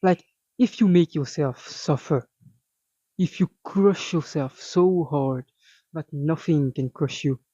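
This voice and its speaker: A man's voice: a little high, takes it slowly, dark tone, no room sound. Intense, profane young man with a lo-fi sound. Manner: intense, profane, rambling with many fillers. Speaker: fitness vlogger. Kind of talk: motivational monologue. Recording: dull lo-fi dry sound.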